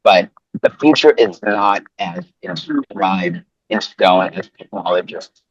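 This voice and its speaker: A man with a New York accent speaking on a panel discussion in an animated way, often breaking off and restarting. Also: takes it slowly, highs cut off. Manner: animated, self-interrupting, lively pitch swings. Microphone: webinar call.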